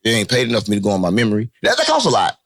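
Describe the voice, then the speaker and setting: A man giving an interview in loose, unfiltered street talk, animated and joking, cursing and repeating his catchphrases. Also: lowish voice, racing. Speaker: interview guest.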